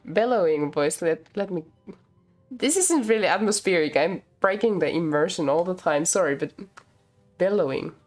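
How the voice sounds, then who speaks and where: A woman's voice: fairly low pitch, expressive, normal speed, darkish tone, soft background music. A woman streamer reading a story aloud, often slipping over words, restarting and laughing at herself. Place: home streaming setup.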